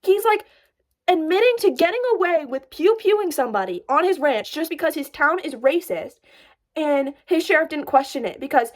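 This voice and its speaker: Animated high-voiced young woman telling a story. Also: normal speed. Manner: breathless, animated, lots of "like", laughs while telling. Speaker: storyteller vlogger. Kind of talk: casual storytime vlog.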